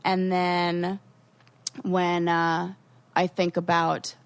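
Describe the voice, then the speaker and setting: A young woman co-hosting a podcast, telling animated stories in casual chat with quoted asides. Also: fairly low pitch, extremely slow, clean tone. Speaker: podcast co-host.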